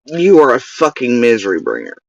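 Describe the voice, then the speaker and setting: A man's voice: medium pitch, huge pitch swings, brisk, creaky, darkish tone, no echo. Furious, profane man ranting at someone. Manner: profane, accusatory, insulting. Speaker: channel host. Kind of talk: angry direct-to-camera rant. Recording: dull lo-fi dry recording.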